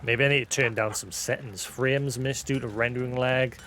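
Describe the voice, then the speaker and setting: A man's voice: medium pitch, steady tone, moderate pace, pushed and bright, a little hiss or hum. A man who hosts a live stream, chatting casually, rambling and self-deprecating, thinking aloud with many restarts. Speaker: livestream host.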